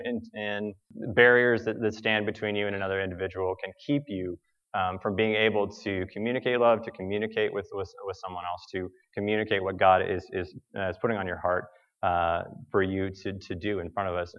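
An American man preaching a sermon, telling a personal story in a halting way with many fillers and restarts. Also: on the low side, level tone, sharp tone, dull audio. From United States.

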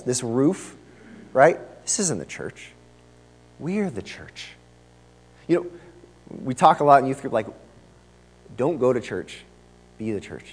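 A man preaching a sermon in a church, with conversational and lively emphasis. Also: on the high side, long reverb tail. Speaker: pastor. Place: church sanctuary.

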